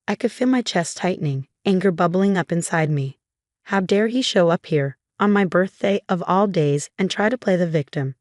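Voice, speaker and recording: Low-voiced young woman narrating a story. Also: normal speed, no room sound, clean studio sound. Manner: steady, dramatic storytelling. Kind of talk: scripted first-person story narration.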